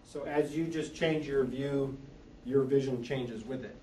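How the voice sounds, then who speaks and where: A man's voice: medium pitch, steady tone, a little slow, mellow, a little hiss or hum. A man who works as an eye doctor, patiently explaining lenses and eye health with everyday comparisons. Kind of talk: explaining to an audience. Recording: echoey room, mic from far off.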